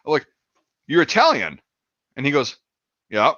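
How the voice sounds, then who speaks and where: Swearing man telling a story, bright lo-fi. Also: mid-range voice, moderate pace, pauses often, no echo. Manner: rambling, swears a lot, acts out quotes. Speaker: podcast host. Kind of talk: casual chat, telling a war story.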